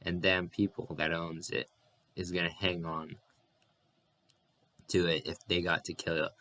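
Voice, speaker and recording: A man's voice: deep voice, little pitch movement, unhurried, bright, forceful tone. A man voicing a weary, bitter migrant worker in an audiobook reading, drawling and blunt.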